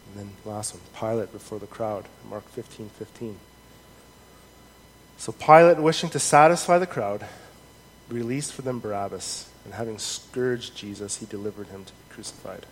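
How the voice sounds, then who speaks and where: A man preaching a sermon in an earnest, measured way, reading scripture aloud with rising emphasis. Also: on the low side. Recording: long hall reverb, faint noise.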